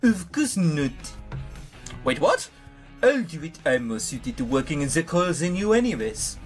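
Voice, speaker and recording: A man's voice: a little high, very animated, moderate pace, faint music behind. A man voicing a blunt young man with a put-on French accent, giving clipped, dismissive replies.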